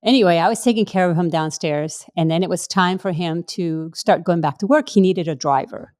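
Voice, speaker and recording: Lively middle-aged woman from Puerto Rico, faith podcast co-host, voices the people in her stories, slightly low voice. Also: brisk. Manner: animated storyteller, acts out quotes with big pitch jumps. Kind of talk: casual faith podcast chat.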